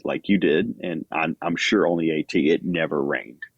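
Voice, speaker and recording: A man's voice: extremely low pitch, moderate pace, slightly rough, dry recording, highs cut off. A man guest on a podcast, talking casually with lots of fillers and self-deprecating asides. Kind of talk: casual chat.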